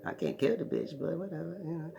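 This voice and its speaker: A woman voicing a sly spirit entity risen from under hell, speaking low and hushed. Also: fast talker, gravelly, soft background music, poor audio.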